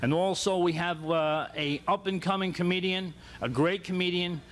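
A man hosting a talk show and introducing guests in a rambling, halting way, with many pauses. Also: high-pitched, fairly even intonation, a bit bright, a little hiss or hum.

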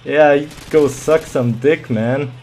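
Guy muttering n swearing over his own shooter match, slow talker, yelps now n then. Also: a little high, steady tone, darkish tone, a little hiss or hum. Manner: profane, muttering, with sudden yelps. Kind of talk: live gameplay commentary.

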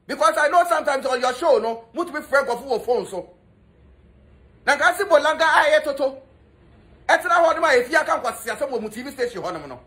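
An entertainment commentator with a Ghanaian accent delivers mocking, scolding gossip, switching between Twi and English. His very high-pitched voice is bright and forceful.

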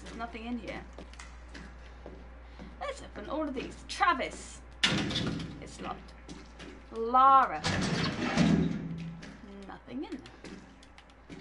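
A woman's voice: fairly high pitch, heavy background noise. A young woman giving horror game commentary, jumpy, muttering to herself and then bursting into shrieks. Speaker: gaming YouTuber.

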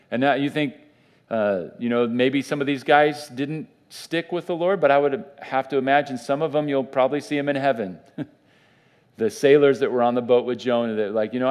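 A man's voice: medium pitch, darkish tone. Man giving a conversational Bible teaching. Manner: conversational, with many fillers and restarts. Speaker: pastor. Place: church.

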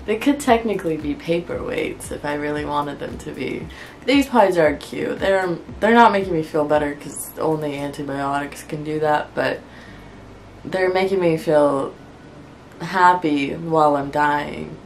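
Low-voiced woman vlogger, worn out and wry. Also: measured pace, creaky, slight background noise. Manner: rambling, wry and frustrated, laughing through complaints. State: unwell, worn out. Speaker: clay crafting vlogger. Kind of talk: casual chat to camera.

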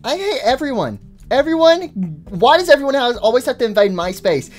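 A woman's voice: sits high, big pitch swings, a little fast, soft background music. A woman voicing a grumpy puppet animatronic who sulks with contempt. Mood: sulky. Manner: sulky, contemptuous.

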